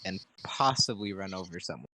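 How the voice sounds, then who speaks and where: A man's voice: deep voice, animated, brisk, noisy background. A man playing in a casual tabletop game, joking and describing what his character does. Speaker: player. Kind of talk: casual tabletop role-play.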